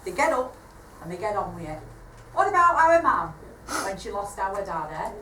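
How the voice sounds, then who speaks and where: A woman's voice: medium pitch, sing-song, normal speed, bright, forceful tone. A woman playing a blunt, bossy aunt, scolding on a live theatre stage. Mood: scornful. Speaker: amateur stage actor. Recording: echoey theatre stage from far off, faint noise.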